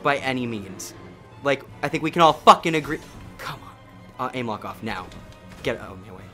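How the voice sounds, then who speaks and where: A man doing gameplay commentary, getting excited, cursing and muttering to himself as he plays. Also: medium pitch, fairly quick, soft background music. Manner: excitable, swears a lot, mutters to himself, yells at the game. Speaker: let's play gamer.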